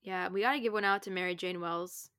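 A woman's voice: fairly low pitch, fast, pushed and bright, clear, resonant tone, no room sound, clean studio sound. A young woman co-hosting a book podcast, chatting casually and rambling, sometimes humming to herself. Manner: rambling, hums and scats playfully. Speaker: podcast co-host.

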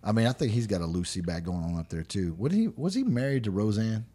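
A man's voice: lowish voice, sing-song, quick pace, warm tone, slightly rough. A man in his forties with a Southern US accent, co-hosting a casual podcast chat, rambling through stories and laughing often. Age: 40s. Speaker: podcast co-host.

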